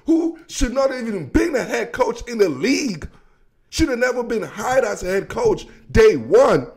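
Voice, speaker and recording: A man with a fairly high voice delivers a heated football rant straight to his viewers. He talks in loose street slang and keeps swinging between calm stretches and sudden bursts of passion. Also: gravelly. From Washington DC area. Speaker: sports commentary host. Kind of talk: emotional sports rant.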